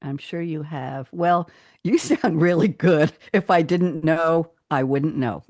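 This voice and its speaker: A woman's voice: low-pitched, takes it slowly, a little mellow, no room sound, studio quality. A middle-aged woman hosting an online radio interview show, chatty and full of praise, laughing often.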